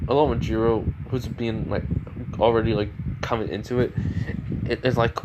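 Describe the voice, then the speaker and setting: A man's voice: fairly low pitch, little pitch movement, moderate pace, noisy background. A man casually retelling a fan story, rambling with lots of fillers.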